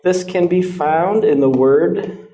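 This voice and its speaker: This American teacher speaks slowly in a high, mellow voice as he walks a class through English vowel sounds. Nearly every point ends with him asking "okay?"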